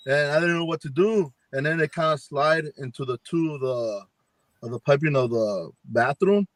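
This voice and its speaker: Male paranormal investigator, slightly high voice, dry video-call sound, rambling storyteller who acts out quotes. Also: moderate pace, no room sound. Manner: rambling, acts out quoted dialogue with many fillers. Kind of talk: casual storytelling on a live chat.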